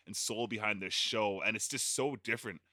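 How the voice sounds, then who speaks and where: An eager man chats on a podcast in a very bright voice. The sound is close and dry, with no room around it. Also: fairly low pitch, brisk, no room sound. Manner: enthusiastic, animated fan talk. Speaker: podcast co-host. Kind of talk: casual chat.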